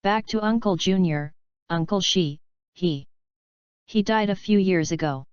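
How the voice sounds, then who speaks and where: A woman's voice: lowish voice, unhurried, clear, resonant tone, dry recording, close to an everyday voice. A woman reading the lines of a stern, formal female sword disciple. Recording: slightly dull lo-fi recording.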